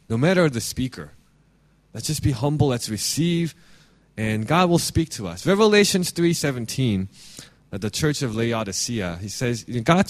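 A man giving an earnest, conversational sermon as pastor, reading scripture and restarting his phrases often. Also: mid-range voice.

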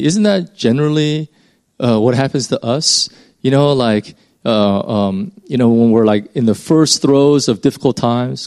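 A man's voice: mid-range voice, animated, measured pace, darkish tone. A man preaching a sermon in an informal, conversational way, rambling a bit and pushing his voice up for emphasis.

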